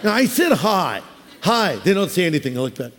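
A high-voiced man preaching a sermon, telling stories casually and dropping in playful jokes. His words ring out with a long reverb, as in a big church hall. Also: sing-song, racing. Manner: conversational storytelling with humorous asides. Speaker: pastor.

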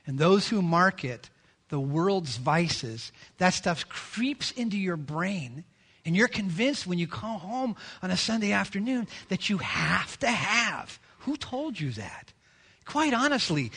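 A man, the pastor, preaching a sermon in a lively, joking way, often mimicking people. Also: sits high.

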